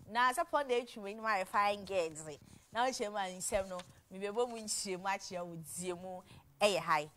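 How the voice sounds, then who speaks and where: A young woman with a Ghanaian accent hosts a TV talk show, chatting casually and animatedly in a mix of English and Twi and laughing often as she switches languages. Her voice is fairly low, a bit bright and a little fast, with some hiss or hum in the audio.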